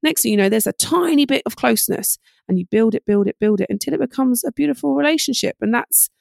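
A middle-aged woman parenting coach giving fast, animated advice in a podcast interview, acting out little exchanges between parent and child. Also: fairly high pitch, gravelly, dry recording, studio quality.

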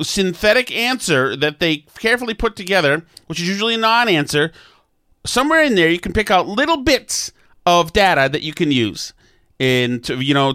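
Blunt man with a higher voice. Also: bright, forceful tone, smooth, no echo, clean studio sound. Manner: blunt, sarcastic, with stammered restarts. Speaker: political talk host. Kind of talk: opinionated political commentary.

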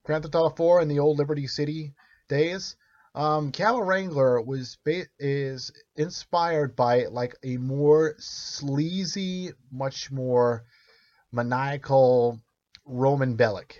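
A male voice actor talking in a casual interview, joking and animated, often stopping to search for words. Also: on the high side, slow pace, highs cut off.

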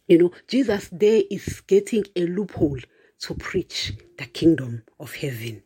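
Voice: medium pitch, big pitch swings, a little slow, warm tone, husky. Chatty preacher speaking to online viewers. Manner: chatty, addresses listeners as "guys", frequent "you know"; laughs often, with emphatic asides. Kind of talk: casual spoken preaching to viewers.

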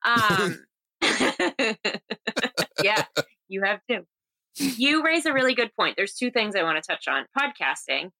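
Chatty woman with a bright, forceful voice. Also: medium pitch, expressive, slow pace, long pauses. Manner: chatty, laughs often. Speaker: podcast guest. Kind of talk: casual podcast chat.

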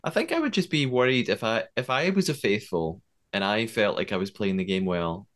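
A man's voice: on the low side, very animated, fairly quick, fairly bright tone. A man co-hosting a podcast, recapping scenes step by step and thinking aloud as he goes. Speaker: podcast co-host. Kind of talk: casual recap chat.

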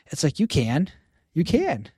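A man chatting as a podcast guest, telling stories in a lively way and acting out the people he quotes. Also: on the high side, a little slow, breathy edge, dry recording, studio quality. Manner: animated storyteller who acts out quoted people. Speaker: podcast guest, stay-at-home father. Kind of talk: casual podcast conversation.

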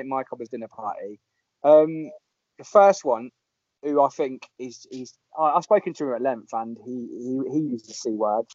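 A man, chatting casually as a podcast host and telling animated anecdotes. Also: mid-range voice, no echo. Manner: lively storyteller, puts on voices in anecdotes. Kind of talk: casual chat. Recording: dull lo-fi sound.

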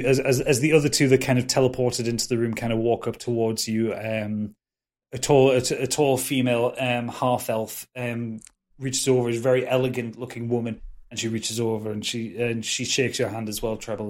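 A man's voice: medium pitch, flat delivery, darkish tone. A man narrating a tabletop game as game master, often restarting and stumbling over words. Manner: halting, many restarts and fillers.

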